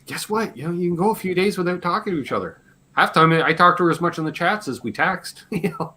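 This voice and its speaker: A man with a slightly hoarse voice, hosting a casual live Q&A stream, rambling and joking and swearing offhand. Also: sits high, lively intonation, fast talker, pushed and bright. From Canada. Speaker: livestream host.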